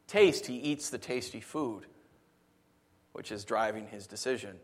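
A middle-aged married man preaching a sermon, animated and rhetorical with a humorous streak. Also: medium pitch, a little slow. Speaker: pastor.

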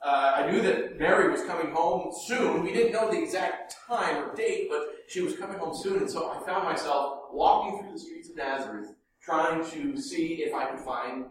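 Animated male storyteller in an echoey room. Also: on the high side, distant mic, slight background noise. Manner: animated, swinging from hushed murmurs to loud bursts. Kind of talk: first-person dramatic monologue.

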